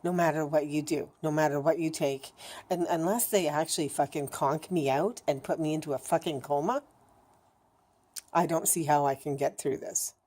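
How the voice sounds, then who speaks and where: A vlogger with a low, mellow voice speaks directly to the camera in an unfiltered video diary. She's blunt and curses freely, her thoughts wandering with frequent stops and restarts. Her intonation stays fairly even and her speed is normal.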